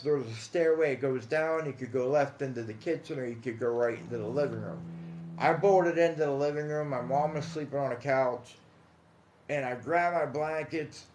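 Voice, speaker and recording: A man casually telling his own paranormal experiences on a livestream, calling his listeners guys and dude, hushed in some stretches and emphatic in others. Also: a little high. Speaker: paranormal storyteller. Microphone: phone or computer mic on a livestream. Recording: echoey room.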